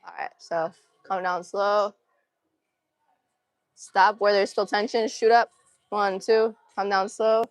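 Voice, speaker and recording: A woman's voice: mid-range voice, level tone, takes it slowly, long pauses, no echo. A young woman live-streaming her gym workout, a little out of breath, chatting casually and counting reps and form cues between sets. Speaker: fitness streamer.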